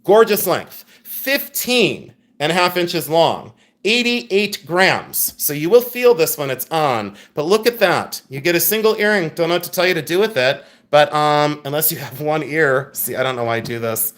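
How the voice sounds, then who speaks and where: A man's voice: a little high, sing-song, moderate pace, hardly any pauses, fairly bright tone. Chatty man hosting a live jewelry sale. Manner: chatty, joking, candid, swings from playful to earnest. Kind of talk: casual livestream selling chat. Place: coffeehouse.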